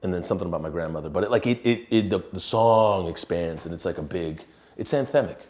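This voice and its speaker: A musician talking casually about a song he is writing, rambling and relaxed with many restarts. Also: low-pitched, fast talker. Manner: swears casually. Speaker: musician and songwriter.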